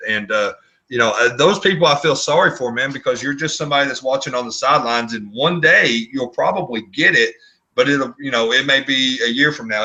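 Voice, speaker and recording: A man with a very bright, sharp voice gives an earnest motivational pitch from an online video call. He talks bluntly, stumbling and repeating words as he pushes his point. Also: low-quality recording. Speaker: co-host of online business hangout.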